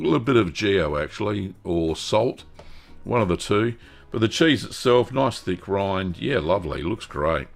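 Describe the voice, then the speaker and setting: An Australian man hosting a live stream about home cheese-making, chatting in a relaxed way with plenty of ums and quick self-corrections. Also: lowish voice, creaky. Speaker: host.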